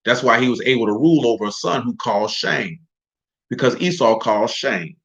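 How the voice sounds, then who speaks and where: A man preaching a sermon, teaching scripture in an animated, emphatic, conversational way. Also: medium pitch, moderate pace, creaky. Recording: dull lo-fi recording.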